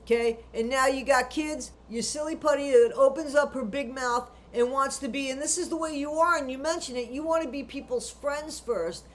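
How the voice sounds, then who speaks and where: A woman with a notably high voice delivers true crime commentary in a ranting style. She is blunt and indignant and swears freely. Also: normal speed, few pauses.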